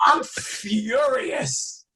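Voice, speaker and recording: A man, telling wild stories in a casual interview, animated and swearing freely. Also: extremely high pitch, extremely slow, breathy edge. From Brooklyn, New York. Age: 60s. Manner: animated, acts out quoted voices, swears freely. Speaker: guest, music industry veteran.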